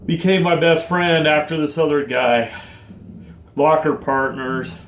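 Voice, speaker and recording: Choked-up man in slow confession. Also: a little high, reverberant, muffled recording, slight background noise. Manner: slow, halting, heartfelt. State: choked up, tearful. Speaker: vlogger. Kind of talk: confessional personal vlog.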